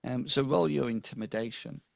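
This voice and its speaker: A man narrating as game master for a tabletop role-playing game, halting, with many ums and restarts. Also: mid-range voice, creaky, no echo, clean studio sound.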